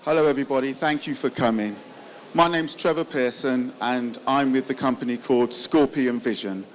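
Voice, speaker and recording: A man with a Yorkshire accent pitches his company to a room. He talks in a halting way, with fillers and repeated words. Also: rough recording. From northern England. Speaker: company representative presenting. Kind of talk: event pitch talk.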